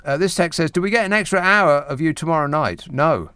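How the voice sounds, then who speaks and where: A man's voice: a little high, animated, a little fast, hardly any pauses, bright, forceful tone, clean tone, dry recording. A man from Scotland hosting a late-night radio phone-in, talking in a dry, wry, self-mocking way from a studio. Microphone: studio microphone.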